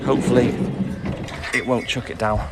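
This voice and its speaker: A man chatting live from his milk round, reading out viewer comments and giving friendly shout-outs by name. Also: medium pitch, fairly even intonation, moderate pace, heavy background noise. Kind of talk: casual live-stream chat reading out comments.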